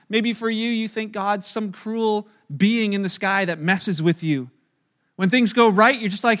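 A man preaching a sermon, retelling a story with lively acted-out quotes and casual asides. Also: high-pitched, a little fast. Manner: animated storytelling, acting out quoted voices. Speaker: pastor.

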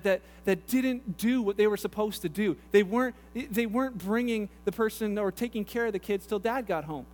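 A man preaching a sermon, pastor's chatty storytelling with asides. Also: high-pitched. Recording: echoey hall with long reverb.

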